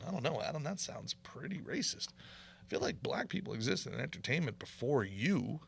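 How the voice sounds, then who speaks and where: A man's voice: mid-range voice, sing-song, brisk, vocal fry, breathy edge. A man hosting a podcast, delivering a heated, profane comedic rant with mocking impressions. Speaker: podcast host.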